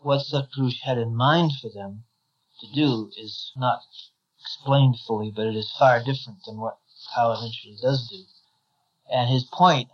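A man reading scripture aloud and commenting on it as a spiritual teacher, measured and thoughtful with small restarts. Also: medium pitch, fairly even intonation. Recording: slightly dull lo-fi recording.

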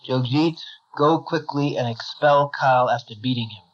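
A man reading as a calm, commanding supreme creator. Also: medium pitch, normal speed, close to an everyday voice. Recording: slightly dull lo-fi recording.

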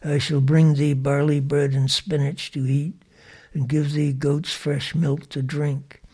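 A man's voice: fairly high pitch, level tone, measured pace, a little mellow, husky. A man reading as an earnest shepherd boy. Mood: tender devotion. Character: simple devoted young shepherd boy.

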